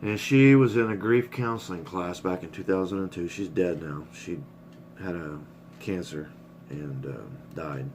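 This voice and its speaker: Man, middle-aged, very deep voice, rambling candid vlog talk, choked up, faint hum. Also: measured pace. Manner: rambling, candid, swears freely. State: emotional, choked up. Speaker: vlogger. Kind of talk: casual personal vlog.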